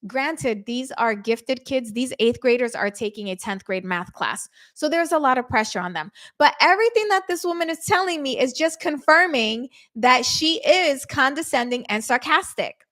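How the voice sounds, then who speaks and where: Middle-aged woman podcast host, lively, acts out every quote. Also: high voice, normal speed, few pauses. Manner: animated, acts out quotes with voice shifts. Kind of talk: casual storytelling to listeners.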